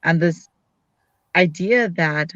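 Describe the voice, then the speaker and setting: A woman's voice: lowish voice, slow, a bit bright, no room sound. Frank woman host with a dull lo-fi sound. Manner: frank and upbeat, acts out her own quotes. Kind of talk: casual live video chat.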